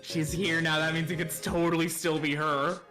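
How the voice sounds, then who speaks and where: A woman streaming a game, chatting excitedly and swearing casually while reading dialogue aloud. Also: deep voice, normal speed. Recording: game music playing behind.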